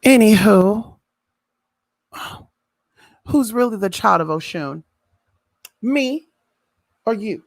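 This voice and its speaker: A woman's voice: mid-range voice, lively intonation, slow pace, long pauses, no room sound, studio quality. A woman ranting casually on a livestream, sassy and taunting, often drawing words out in a sing-song tease. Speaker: spiritual reader vlogger.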